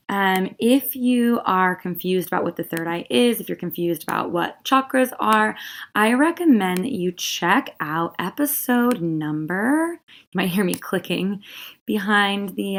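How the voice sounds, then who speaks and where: A young woman hosting a spiritual podcast, talking earnestly and loosely with lots of "you know" fillers. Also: medium pitch. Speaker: podcast host. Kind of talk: casual podcast talk.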